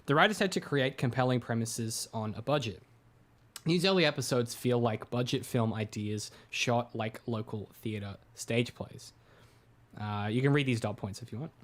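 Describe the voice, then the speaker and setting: Guy reading his own book out loud, steady mid-pitch voice, keeps stopping to chat with his co-host, lots of uhs. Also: moderate pace. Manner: reads steadily, drops into chatty asides with filler "uh"s. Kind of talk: casual read-through with asides.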